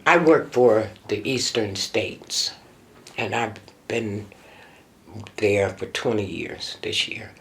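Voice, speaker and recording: In a documentary interview, a middle-aged mother reminisces emotionally, her pitch at times shooting up sharply.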